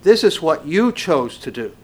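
A man preaching a sermon slowly and emphatically, swinging between loud passages and hushed ones. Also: a little high, big pitch swings, husky.

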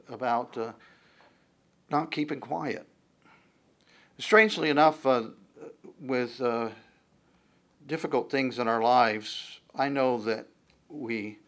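A man gives a sermon, stopping and starting, doubling words and filling pauses. He quizzes his listeners as he goes. His voice sits at a middle pitch. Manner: halting, repeats words and uses many fillers, asks the listeners questions. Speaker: preacher. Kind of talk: sermon, Bible teaching.

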